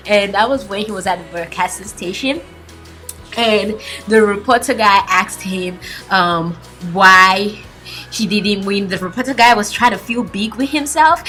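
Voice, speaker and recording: Young woman fangirling over a drama, giggly, squeals a lot, some faint music under it. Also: sharp tone. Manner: gushing, giggly, bursts into high squeals. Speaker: drama review vlogger. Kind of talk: excited casual drama review.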